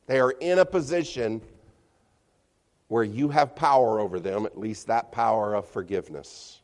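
A preaching man with a lively, swooping voice. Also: medium pitch. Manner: animated, rising and dropping to near whispers for emphasis. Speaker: pastor. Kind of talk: sermon. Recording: long hall reverb.

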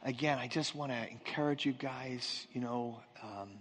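A man's voice: medium pitch, steady tone, normal speed, a bit bright, a little hiss or hum. A man preaching a sermon as pastor, telling stories and acting out quotes, chatting with the congregation. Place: church sanctuary. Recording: long reverb in a church hall.

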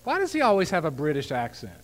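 Animated preacher in a reverberant hall. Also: male voice, quick pace. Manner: animated preaching with wide swings in pitch and loudness, wry asides. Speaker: pastor. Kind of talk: sermon.

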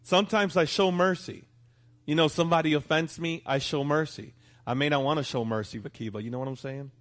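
A man's voice: on the high side, a little fast, a bit bright. A pastor preaching a sermon to his congregation, talking conversationally and often asking them for a response. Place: church.

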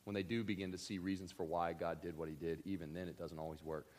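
A fast-talking preacher whose voice sits low addresses his congregation earnestly and directly. As the sermon goes on, he builds to emphatic, animated bursts.

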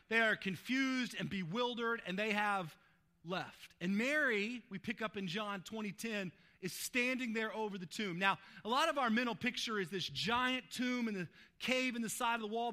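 Man, sermon, bright tense voice, informal preaching. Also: high voice. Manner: informal, asks "right?" to the listeners. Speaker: pastor. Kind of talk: conversational sermon.

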